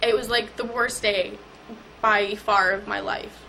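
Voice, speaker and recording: A young woman telling an emotional personal story in an interview, halting and repeating herself. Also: mid-range voice, level tone, vocal fry, sharp tone, slight background noise, poor audio.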